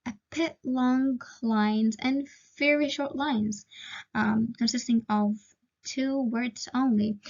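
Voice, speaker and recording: Woman going through a poem real slow, lots of um and okay, muffled lo-fi audio. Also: mid-range voice. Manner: slow and patient, often asks "okay?" and says "um". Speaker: teacher presenting a poem analysis. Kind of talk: recorded lesson, explaining a poem. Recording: dull lo-fi sound.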